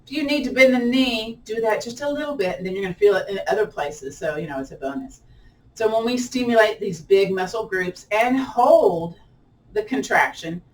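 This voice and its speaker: A woman's voice: medium pitch, expressive, moderate pace, a little mellow, far from the mic, low-quality recording. A woman with a lilt talks students through a strap yoga class in a chatty, playful way. She laughs often, and her voice jumps up when a stretch gets hard. She sits a little way from the mic, with a faint hiss in the background. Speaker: yoga instructor. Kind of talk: chatty guided exercise class.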